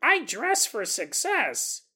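A man putting on a chirpy talking fashion doll, reciting its canned catchphrases in a high, drawn-out sing-song. The tone is bright and sharp, with a toy-like slowness to every phrase. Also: huge pitch swings, breathy edge, full character voice. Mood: perky.

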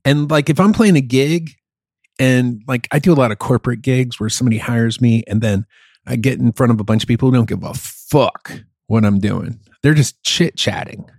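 A middle-aged man chatting on a podcast, open and blunt, swearing freely and poking fun at himself. His voice sits at an ordinary pitch and sounds close and dry, with no room around it. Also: normal speed, a little mellow, slightly rough, no echo. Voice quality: candid, profane, self-mocking. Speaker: musician who plays gigs. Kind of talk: casual podcast chat.

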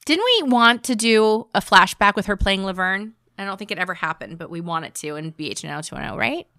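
A woman's voice: mid-range voice, brisk, vocal fry, pushed and bright, dry recording, clean studio sound. A woman co-hosting a podcast, chatting casually and animatedly, often self-deprecating. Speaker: podcast co-host. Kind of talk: casual chat.

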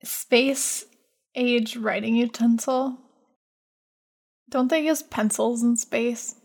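A woman's voice: fairly high pitch, steady tone, slow pace, creaky, darkish tone. A woman co-hosting a comedy podcast, riffing in a playful, rambling way. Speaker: podcast co-host.

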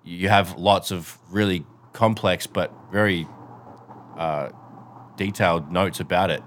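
A man co-hosting a podcast in casual chat, relaxed, trailing off into quiet mumbles. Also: sits low, measured pace, slight background noise. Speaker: podcast co-host.

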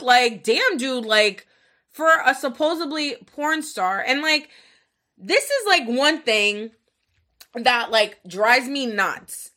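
A woman's voice: high voice, animated, unhurried, pushed and bright. A young woman hosting a podcast, telling a story in casual, frank, profane talk full of filler words. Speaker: podcast host.

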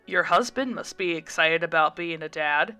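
An earnest, slightly awkward young man in a storybook reading, with a woman reading his lines. The tone stays low but bright, with faint music playing softly behind. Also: moderate pace. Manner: earnest, slightly flustered delivery.

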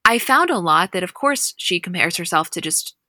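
A young woman co-hosting a podcast, casually recapping a reality show with chatty, animated storytelling. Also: on the low side, moderate pace, dry recording, studio quality.

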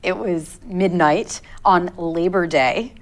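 A woman in her thirties speaks as an interview guest. Her voice sits a little low, and she tells a personal story haltingly, pausing and restarting as she reflects. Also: rough recording.

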